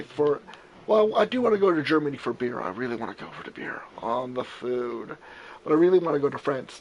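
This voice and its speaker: Young man, gamer, gravelly voice, rambling, casual swearing, repeats himself. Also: a little high, low-quality recording. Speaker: gamer playing survival. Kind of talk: casual rambling chat while gaming.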